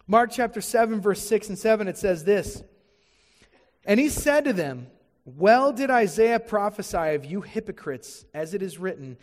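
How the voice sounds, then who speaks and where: A man's voice: high voice, animated, moderate pace, in a large hall. A man preaching a sermon to a congregation in a church, stressing his points by repeating them. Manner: emphatic preaching with repeated phrases. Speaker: pastor. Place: church sanctuary before a congregation.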